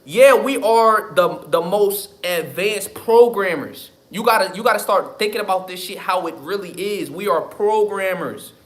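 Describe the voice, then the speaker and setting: High voiced guy w/ aave going off on a live, cussing and repeating stuff. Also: a little slow, few pauses, a bit bright. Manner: emphatic, profane, repeats himself. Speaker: livestream host. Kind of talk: casual livestream talk.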